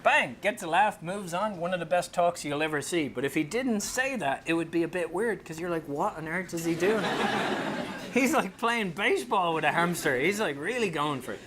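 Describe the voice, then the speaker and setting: A man with an Irish accent giving a comedic talk to an audience as a speaker and author, animated and joking, slipping into voices for quotes. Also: high voice, normal speed, noisy background. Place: company talk room with a live audience.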